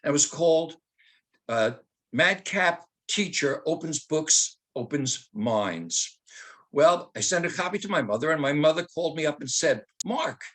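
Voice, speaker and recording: A man in his seventies, a retired teacher, telling personal stories with humor and slowing into dramatic readings. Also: on the high side, animated, a bit bright. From Germany. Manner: humorous, anecdotal, slows to dramatic recitation.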